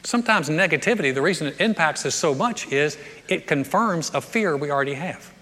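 A man preaching a sermon as a pastor, telling the story in a lively way with repeated words and joking asides. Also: a little high, fairly quick. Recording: echoey hall reverb.

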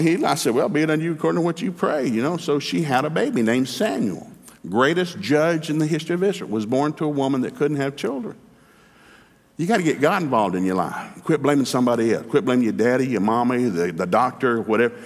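Animated preacher in a reverberant hall. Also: male voice, medium pitch. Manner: folksy, humorous, emphatic with acted-out dialogue. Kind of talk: lively sermon with storytelling.

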